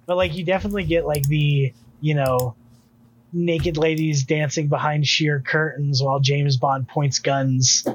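A man's voice: on the high side, fairly even intonation, unhurried, muffled recording, slight background noise. A man co-hosting a podcast, chatting casually about music in a rambling, jokey way with many restarts. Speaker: podcast co-host.

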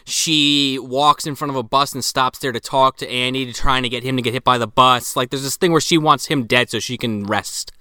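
A man's voice: mid-range voice, fairly even intonation, brisk, few pauses, bright, forceful tone, clean tone, no echo, clean studio sound. A man making wry, incredulous jokes about a film as podcast co-host. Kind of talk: casual movie review chat.

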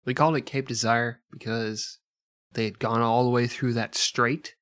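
A man's voice: mid-range voice, little pitch movement, moderate pace, fairly bright tone, dry recording, clean studio sound. Laughing man riffing on history. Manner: riffing, laughing, acting out silly scenes. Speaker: podcast co-host. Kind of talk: crude comedic history chat.

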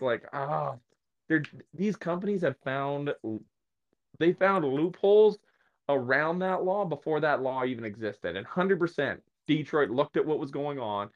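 A man speaking as a guest on a casual podcast, ranting in an animated way and acting out the voices of the people he quotes. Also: fairly high pitch, unhurried, muffled recording. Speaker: guest, electric motor repair specialist.

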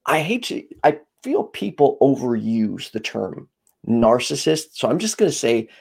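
Dude rambling on his own podcast, gravelly and swoopy, real loose and candid. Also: medium pitch, very animated, unhurried, a little mellow. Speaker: podcast host. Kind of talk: casual chat.

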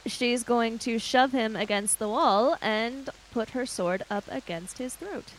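A woman's voice: on the high side, measured pace, a little hiss or hum, rough recording. A woman player in a tabletop game, casually describing her character's actions while thinking aloud.

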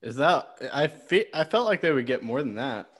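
A man's voice: medium pitch, sing-song, moderate pace, fairly bright tone. A man co-hosting a casual podcast chat, cutting in with jokes and teasing his friend. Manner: teasing, joking, cuts in. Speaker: podcast co-host.

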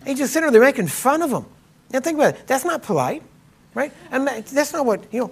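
A man's voice: sits high, very animated, quick pace, breathy edge. A man preaching a sermon, retelling a Bible story in plain talk and acting out the quotes with a mocking edge. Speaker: preacher and ministry teacher.

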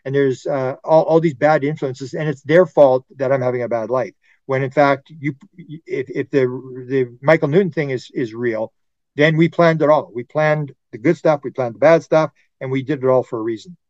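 A man's voice: medium pitch, moderate pace, a little mellow, no echo, muffled recording. A man in his sixties, a guest UFO researcher, talking earnestly in a casual interview and acting out quoted voices.

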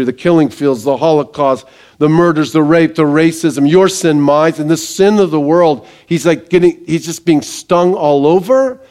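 Energetic pastor with a fairly high male voice, preaching in a chatty style with quick jokes to the room. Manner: energetic, conversational, joking asides. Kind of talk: sermon.

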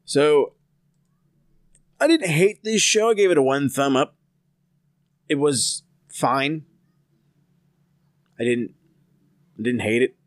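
A man's voice: on the high side, animated, slow, long pauses, no echo, studio quality. A man co-hosting a casual review podcast, recapping and rating episodes in a sarcastic, profane, rambling way.

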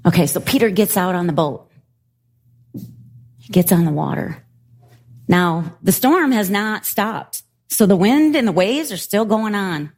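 A middle-aged woman preaching a sermon and telling a story in an animated, laughing way. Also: mid-range voice, a little slow, long pauses. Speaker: pastor.

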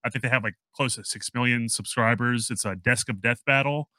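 A man's voice: medium pitch, fairly quick, pushed and bright, no room sound. A young man hosting a podcast, chatting casually and rambling with lots of fillers. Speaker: podcast host. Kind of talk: casual chat.

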